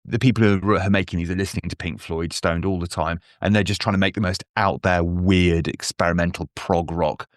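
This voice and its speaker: A man's voice: low voice, fairly even intonation, a little fast, few pauses, no echo, studio quality. A man guest on a podcast, chatting casually with rambling, self-mocking asides. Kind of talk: casual chat.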